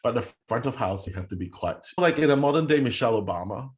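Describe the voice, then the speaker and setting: A man in his forties from Singapore with a Singaporean accent, a guest telling stories in a casual interview, often leaping into high quoted voices. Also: fast. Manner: animated, jumps into high-pitched quoted voices. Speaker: guest, makeup artist.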